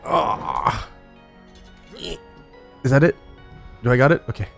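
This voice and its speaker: A man's voice: medium pitch, huge pitch swings, takes it slowly, creaky, a bit bright, soft background music. A man streaming a climbing game live, talking to chat in a frantic, swearing way and laughing at himself. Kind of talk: live gameplay commentary. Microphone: studio dynamic microphone.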